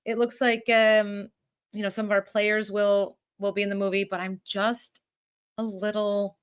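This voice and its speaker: A woman's voice: medium pitch, level tone, a little slow, smooth. A woman co-hosting a podcast, groaning and sarcastic in casual chat. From Buffalo, New York area. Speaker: podcast co-host.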